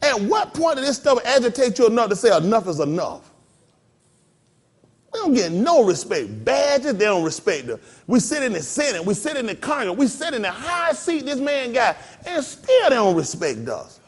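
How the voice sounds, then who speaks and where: His pitch is extremely high and husky, though his speed is normal, as this pastor preaches in a folksy, animated manner. He slips into mock voices and laughs along with the congregation.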